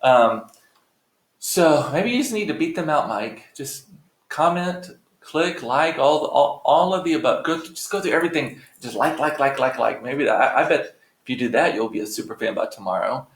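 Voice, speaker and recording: Middle-aged guy rambling on a livestream, chatty, swears playfully, mid pitch, roomy echo at home. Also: animated, moderate pace. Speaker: livestream host. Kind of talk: casual live chat to viewers.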